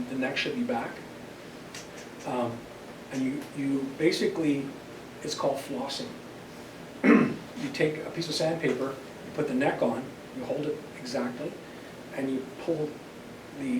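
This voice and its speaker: An older man gives a casual hands-on demonstration to a club, explaining each step and often tripping over repeated words. His voice sits a touch higher than most men's and is picked up from a distance. The echoey meeting room has steady noise behind him. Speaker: club presenter. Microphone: room mic far from the speaker.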